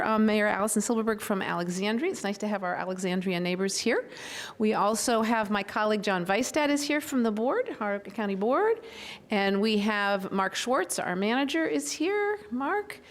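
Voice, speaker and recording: A woman, a local official, hosts a public event as master of ceremonies, chatting informally with asides and fillers before reading a proclamation. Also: fairly high pitch. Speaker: county board member, master of ceremonies. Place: public event room with an audience.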